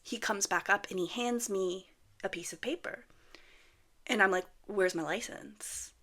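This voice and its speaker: Speaking to camera at a measured pace, a woman in her thirties who vlogs about manifestation tells a story in a mid-range, slightly bright voice. Her casual talk is chatty and blunt, with plenty of swearing.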